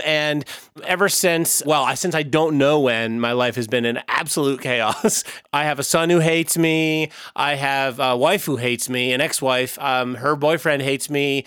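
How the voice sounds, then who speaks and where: A man's voice: mid-range voice, a little slow, clear, resonant tone, dry recording, clean studio sound. A man co-hosting a comedy podcast, telling an improvised story and dropping into mock voices when he quotes people. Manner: animated, slips into mock voices when quoting. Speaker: podcast co-host.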